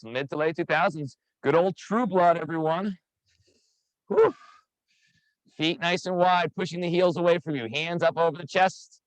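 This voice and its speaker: Energetic man coaching a workout class. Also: on the high side, no room sound, poor audio. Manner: energetic, counts down reps, calls out participants by name. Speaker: fitness instructor.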